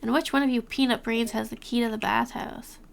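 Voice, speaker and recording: A woman voicing a gruff, angry male lawman in a video game who barks threats and insults at troublemakers. She reads it aloud over the game. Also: a little high, fairly even intonation, a little fast.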